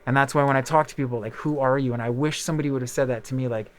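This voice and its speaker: Male podcast host, 30s, quick mid-pitched delivery, loose candid storyteller who swears now and then. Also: fairly even intonation. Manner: rambling, candid storytelling with many fillers and swearing. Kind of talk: casual chat.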